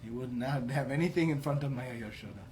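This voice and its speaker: A man's voice: mid-range voice, fast, a little mellow, slight background noise. A man giving a devotional class, telling a story with emphatic rhetorical questions. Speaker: preacher.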